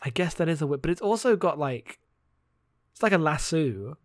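A man's voice: fairly high pitch, lively intonation, no echo, clean studio sound. A man co-hosting a casual podcast, chatting and laughing as he recaps a comic book. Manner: chatty, laughing, reads lines in quick voices. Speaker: podcast co-host.

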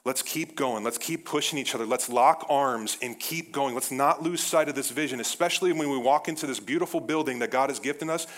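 A man preaching an energetic, casual sermon as pastor, often saying "like" and addressing the church as "guys". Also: mid-range voice, quick pace, few pauses.

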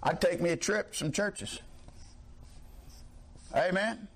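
A man preaching a fiery sermon, shouting, mocking and laughing as the congregation answers back. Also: sits high, slow, gravelly.

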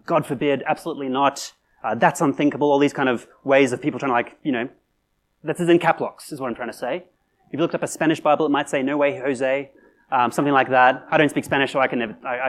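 A man preaching a sermon in a conversational way, with fillers and restarts, building to emphatic peaks. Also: medium pitch. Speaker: pastor.

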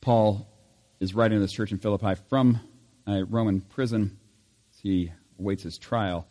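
Low-voiced pastor reading scripture in church. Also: male voice, fairly even intonation, mellow, in a large hall. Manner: measured reading, lifts voice on scripture. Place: church sanctuary.

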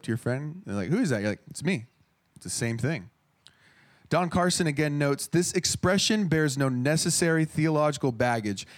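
A man in his thirties preaching a sermon in an earnest, conversational way, often restarting his phrases. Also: mid-range voice.

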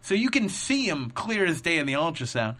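A young man and comedian telling a rambling, animated story in casual chat, acting out the people in it. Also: fairly high pitch, a little fast. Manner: animated, rambling, acts out the other people in his stories.

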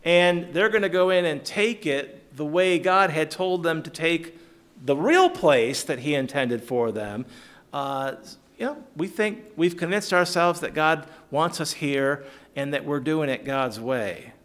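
Animated man teaching Bible study. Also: a little high, a little slow. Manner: animated, chuckling, addresses listeners by name.

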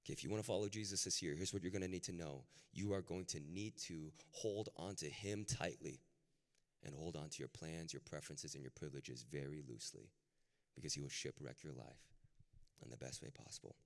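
A man preaching a sermon in a casual, conversational way that builds to impassioned, near-shouted peaks. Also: rumbling low, fairly quick. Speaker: pastor. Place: large hall with a live audience. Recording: long hall reverb, faint music.

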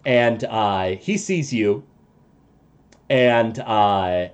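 A man narrating and voicing characters as game master of a tabletop game, casual and halting. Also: fairly high pitch, animated, darkish tone, highs cut off.

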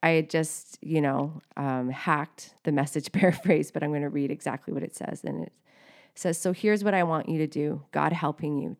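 A woman's voice: sits low, steady tone, normal speed, creaky, darkish tone. A woman co-hosting a faith podcast, sharing her testimony in a heartfelt, emotional way with many fillers. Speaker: co-host.

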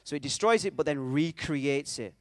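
A man with a slightly high voice preaches a conversational sermon at a moderate pace, with no room sound in the recording. He tells a story, checks in with his audience, and mocks himself along the way.

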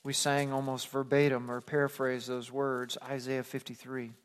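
A man's voice: mid-range voice, little pitch movement, moderate pace, clean tone, big-room sound. A man preaching a sermon as pastor, earnest, with casual acted-out asides. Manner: earnest preaching, acts out plain-spoken asides.

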